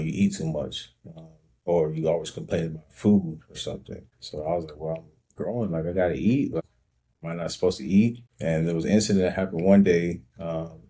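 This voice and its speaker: Low, mellow man, slightly husky, telling a personal story in a measured, reflective way. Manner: slow, reflective, with frequent ums. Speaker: host telling his own story.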